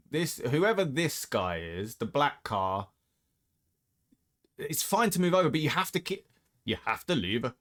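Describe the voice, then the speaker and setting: A man's voice: sits high, a bit bright. A man giving blunt, opinionated casual commentary as he reacts to racing clips, often ranting.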